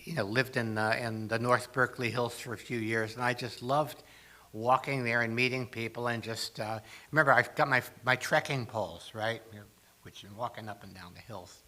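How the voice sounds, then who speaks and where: Older man, bright voice, mid-pitched, guest speaker, funny storytelling, slips into acted lines. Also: steady tone, normal speed. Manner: storytelling with jokes and acted asides. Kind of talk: humorous talk to a congregation.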